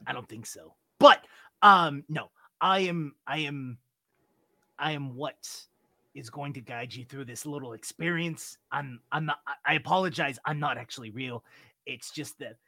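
A gentle male spirit guide stumbles over his words and apologizes, as a man puts him on. His voice is bright and slow, recorded close and dry. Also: a little high, dry recording, heavily acted. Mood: apologetic. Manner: apologetic, fumbling, stammering. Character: gentle male guide in a loved one's form.

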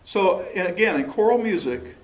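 A man's voice: sits high, lively intonation, normal speed, a little hiss or hum. A man leading a choral workshop session, explaining and asking questions, now and then singing a short phrase to demonstrate. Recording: echoey room recording.

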